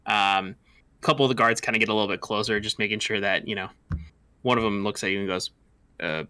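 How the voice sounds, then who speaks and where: A man's voice: lowish voice, steady tone, quick pace, sharp tone, clean tone. A man narrating as game master of a tabletop game, loose and chatty with lots of fillers. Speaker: dungeon master.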